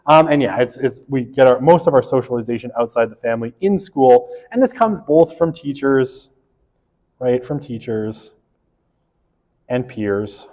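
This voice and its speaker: A man's voice: medium pitch, animated, measured pace, darkish tone, big-room sound. A man gives a casual, joking sociology lecture, full of fillers and tag questions like "right?". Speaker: sociology instructor. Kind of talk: recorded university lecture.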